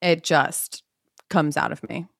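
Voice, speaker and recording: A woman's voice: deep voice, fairly even intonation, slow pace, gravelly, dry recording, studio quality. A woman from Maryland co-hosting a podcast, chatting casually and teasing with easy laughs. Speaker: podcast co-host.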